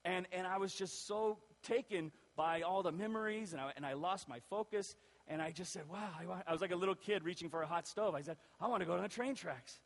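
A man's voice: high-pitched, a little fast. Man preaching in a reverberant church hall. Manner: animated storyteller acting out quoted voices. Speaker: pastor. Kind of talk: storytelling sermon.

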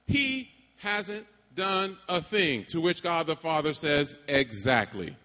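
A man preaching a sermon to graduates, emphatic, with dramatic pauses and call-and-response. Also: a little high, expressive, pushed and bright. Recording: long hall reverb.

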